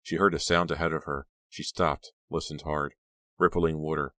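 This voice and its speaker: A man narrating a horror audiobook in a steady, measured way. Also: very deep voice, no echo.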